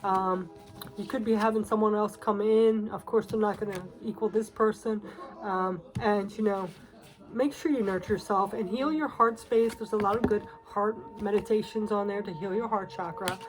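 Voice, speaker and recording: A woman's voice: medium pitch, steady tone, moderate pace, low-quality recording. A woman giving a casual tarot reading, emotional and close to tears, talking in a confiding way with many fillers. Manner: emotional, confiding, with frequent fillers and soft laughs. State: teary, on the verge of crying. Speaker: tarot reader.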